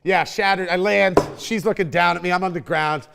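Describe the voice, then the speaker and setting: A young man hosting a casual chat, telling a lively, swearing, laughing story. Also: high voice, moderate pace, vocal fry, background noise. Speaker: podcast host.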